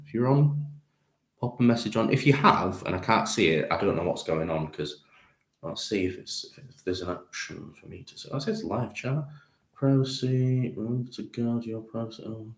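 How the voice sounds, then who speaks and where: A man with a low voice rambles casually through a live stream as he paints miniatures, often poking fun at himself. He is recorded in an echoey room. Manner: rambling, self-deprecating, chatty with viewers. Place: home conservatory.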